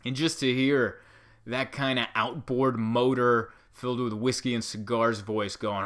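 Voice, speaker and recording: A man hosting a comedy podcast, riffing through rambling stories in an animated way. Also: mid-range voice, moderate pace.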